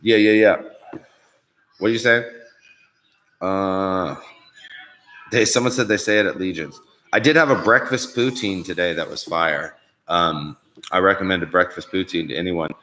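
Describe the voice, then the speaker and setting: A man's voice: deep voice, normal speed, long pauses, pushed and bright. A man hosting a live Q&A stream, talking casually, rambling and swearing constantly. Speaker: show host on a live stream. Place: visiting Canada, indoors.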